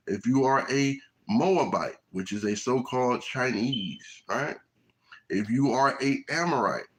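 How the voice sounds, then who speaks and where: Preaching outside in the heat, this man keeps tagging his lines with "right?" to check in with the crowd. The audio is poor, carrying a slightly bright, mid-range voice.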